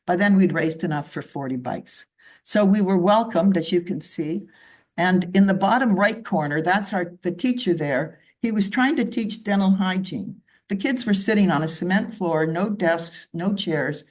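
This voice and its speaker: A Canadian woman whose voice is lowish and darkish presents her slides at a club meeting. The talk is conversational, with frequent asides as she leads listeners through.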